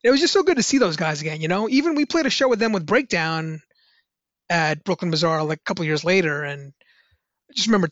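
A man's voice: high voice, lively intonation, fast talker, fairly bright tone, no room sound, dull audio. A man, a musician, telling rambling casual stories with lots of fillers and restarts. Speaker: musician guest on a podcast. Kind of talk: casual anecdotal storytelling.

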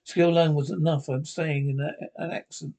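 An actor playing a lonely, shy scientist who built an android and calmly explains how, in 1950s TV drama style. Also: male voice, a little high, moderate pace, gravelly. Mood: explaining.

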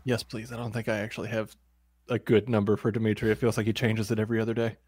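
A man playing his character in a tabletop role-playing game, playful and quick to laugh. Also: fairly low pitch, level tone, a little mellow, dry recording. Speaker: player.

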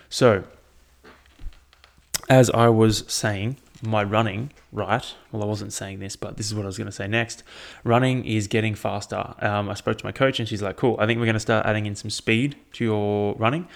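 A man's voice: on the low side, gravelly. A young Australian man hosting a solo podcast, rambling and swearing often, sounding tired. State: tired, yawning. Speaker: podcast host. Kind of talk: casual solo podcast chat.

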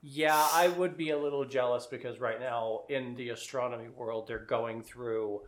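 A man's voice: mid-range voice, steady tone, normal speed, echoey room. A man in casual podcast chat, talking enthusiastically and rambling a bit.

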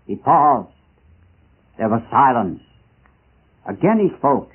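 A man preaching a missionary sermon, impassioned and dramatic, with rising rhetorical questions and slow emphatic pauses. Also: medium pitch, very animated, husky. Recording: tinny lo-fi archival recording.

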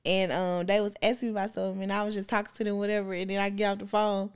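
A woman's voice: medium pitch, flat delivery, racing, clear, resonant tone. A young adult woman co-hosting a podcast, chatting candidly and reflectively, with a rambling style full of "like" fillers. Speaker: podcast co-host. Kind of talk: casual chat.

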